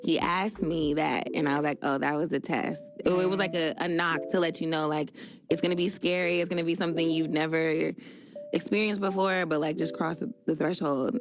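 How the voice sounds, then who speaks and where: A woman's voice: sits low, fairly even intonation, normal speed. A woman in a casual interview, talking in a rambling, laid-back way with lots of fillers. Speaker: interviewed singer.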